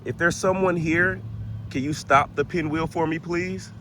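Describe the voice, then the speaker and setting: A man's voice: on the high side, steady tone, a little slow, fairly bright tone, slight background noise. A man hosting a paranormal vlog outdoors in a cemetery, chatting in a laid-back way and laughing often. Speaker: paranormal vlogger. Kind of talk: casual spoken vlog.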